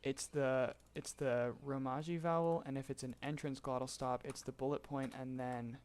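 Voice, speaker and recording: A man explaining vocal tuning in a relaxed live-stream tutorial, chatting and laughing with his chat between explanations. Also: mid-range voice, normal speed, clear, resonant tone. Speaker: streamer teaching voicebank tuning.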